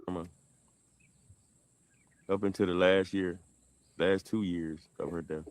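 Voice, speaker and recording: A man with a Southern American accent telling a heated family story on a livestream, rambling and swinging between loud and quiet. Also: low-pitched, fairly even intonation, slow pace, a little hiss or hum. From southern United States. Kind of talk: animated livestream monologue.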